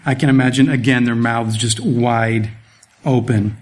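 A man preaching an expository sermon, animated, with rhetorical questions and sarcastic asides, at times dropping to a soft low voice for emphasis. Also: a little slow. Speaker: pastor.

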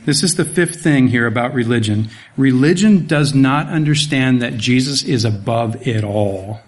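A male pastor gives an animated expository sermon at normal speed. Sarcastic asides and rhetorical questions punctuate his delivery, and at times he goes soft and low for emphasis.

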